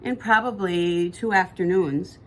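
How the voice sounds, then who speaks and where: A woman's voice: on the low side, steady tone, measured pace, fairly bright tone, slight background noise. A woman, co-hosting a podcast in casual chat that rambles and corrects itself as she goes. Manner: chatty, rambling, self-correcting. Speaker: podcast co-host.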